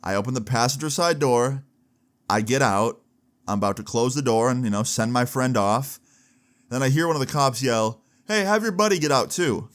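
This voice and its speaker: A young man in his late teens tells a personal story in a casual, lively way. He drops into short acted voices for the people in his story. His pitch sits in the middle range for a man. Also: normal speed. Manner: animated retelling, acts out quoted voices. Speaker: storytelling vlogger.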